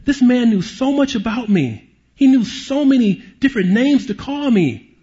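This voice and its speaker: A pastor and police chaplain preaches a sermon, telling stories animatedly and dropping to hushed tones at emotional moments. His voice sits high with a breathy edge, he speaks briskly, and the audio is dull.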